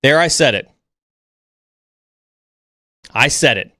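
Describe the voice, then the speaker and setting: Blunt animated man on a livestream. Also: medium pitch, slow pace, no echo, clean studio sound. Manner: blunt, animated, mocks others in an overreactive voice. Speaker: stream host. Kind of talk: livestream chat.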